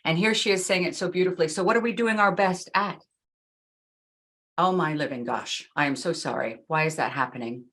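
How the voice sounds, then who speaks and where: A middle-aged woman giving a talk in an earnest, emphatic way, slowing down to stress key phrases. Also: lowish voice, a bit bright. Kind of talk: talk with slides.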